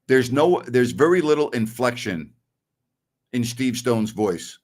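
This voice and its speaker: A man's voice: medium pitch, lively intonation, takes it slowly, a little mellow. A middle-aged man hosting a sports talk stream, answering viewer messages bluntly and with strong opinions. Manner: blunt and opinionated, scoffs at callers.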